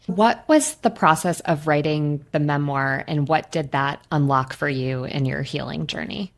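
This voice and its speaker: A woman hosting a podcast interview, asking slow, reflective questions. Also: low voice, creaky. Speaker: podcast host. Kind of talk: interview questions and brief backchannels.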